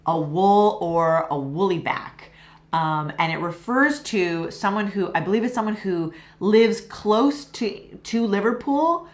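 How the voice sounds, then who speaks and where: Brief: woman from LA, low-pitched, chatty teacher with plenty of "um" and "like". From Los Angeles, USA. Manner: chatty, explains with many fillers. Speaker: English teacher and co-host. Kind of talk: casual explaining chat.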